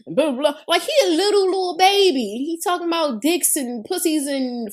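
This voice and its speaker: A woman who co-hosts a podcast and coaches cheer tells animated stories in casual chat, acting out quotes and swearing freely. Her voice is very high, and she speaks briskly with few pauses.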